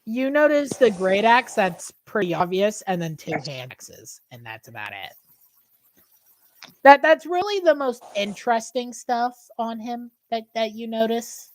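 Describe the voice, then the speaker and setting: A woman game master narrates a tabletop session in a slow, unhurried way. Her pitch swings widely as she describes the scene, often stopping to restart a phrase. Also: big pitch swings, a little hiss or hum. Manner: halting, restarts while describing.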